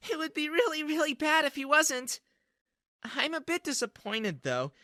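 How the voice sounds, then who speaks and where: A woman voicing a creepy teenage girl kidnapper in an animated story, sweet and teasing. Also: high voice, unhurried, no echo, studio quality, exaggerated voice. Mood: playfully menacing.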